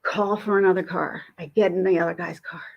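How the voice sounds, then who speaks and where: A woman vlogger telling a story in a casual, indignant and animated way. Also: lowish voice, gravelly, dull audio. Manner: indignant, animated, quick talk.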